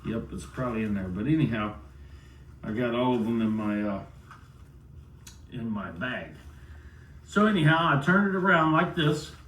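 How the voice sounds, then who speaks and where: A man's voice: mid-range voice, lively intonation, normal speed, pauses often, fairly bright tone, slight background noise. Rambling man, roomy and distant. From United States. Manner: rambling, loose storyteller who keeps circling back with "so anyways". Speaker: vlogger. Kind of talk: rambling personal story. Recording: roomy sound, far from the mic.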